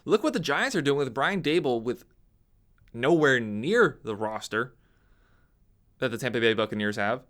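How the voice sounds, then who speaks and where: A young man giving an opinionated sports talk monologue, animated and ranting, his voice leaping up when he mocks others. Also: medium pitch, normal speed, long pauses. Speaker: sports commentator.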